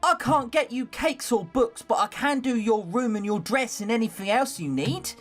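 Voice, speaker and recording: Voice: mid-range voice, expressive, normal speed, faint music behind, voice pushed up, close to an everyday voice. A streamer voicing an eager, loyal young female scullery maid with a London working-class accent, reading a visual novel aloud. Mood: doting. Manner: doting, reassuring.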